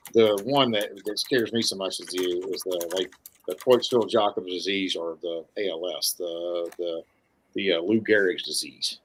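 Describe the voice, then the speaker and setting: With a lowish voice and a fairly bright tone, a man co-hosting a podcast chats casually. He rambles, restarts often, and sprinkles in folksy sayings.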